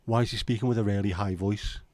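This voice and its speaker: This livestream host is a Liverpool man with a Scouse accent who rambles and swears his way through casual banter with his viewers. He talks fast in a lowish, mellow voice with fairly even intonation, and the recording is dry.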